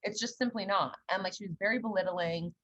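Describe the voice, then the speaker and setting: Chatting casually as a podcast co-host, a young woman tells stories bluntly and animatedly, performing the quotes herself. She has a medium-pitched voice, a little fast, on dull audio.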